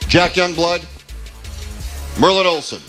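A man's voice: sits high, slow, sharp tone, soft background music, low-quality recording. A man hosting a live trivia game on a radio show from a restaurant event, reading questions and teasing the contestants. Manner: playful, teasing, laughs often.

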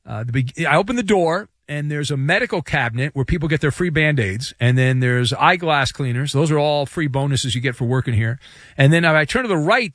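A male sports radio host delivering a joking, sarcastic monologue in the studio. His pitch sits a little high and swings widely. The sound is dry and close. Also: a bit bright, dry recording.

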